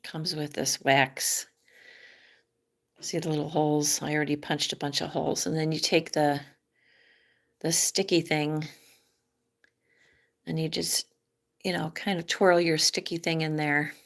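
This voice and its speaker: Middle-aged woman vlogger, lowish voice, unhurried, hushed casual chat while crafting. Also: little pitch movement, vocal fry. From Michigan. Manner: soft-spoken, drifting into near-whispers.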